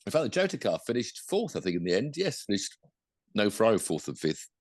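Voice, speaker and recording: A man's voice: lowish voice, big pitch swings, fast, darkish tone, no room sound, studio quality. A man co-hosting a podcast, chatting casually about motorsport in a rambling, self-correcting way. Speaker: podcast co-host.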